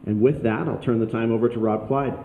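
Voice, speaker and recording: A man's voice: mid-range voice, steady tone, a little fast, reverberant, phone-quality sound, a little hiss or hum. A man welcoming a conference audience and introducing speakers, upbeat with fillers. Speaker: event host. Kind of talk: welcome speech. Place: conference stage.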